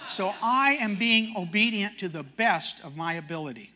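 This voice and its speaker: A man's voice: high voice, animated, moderate pace, sharp tone. An older man from Canada, a prophecy teacher and TV host, telling stories sermon-style and acting out dialogue. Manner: folksy storyteller, acts out dialogue in quotes. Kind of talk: sermon-style storytelling talk.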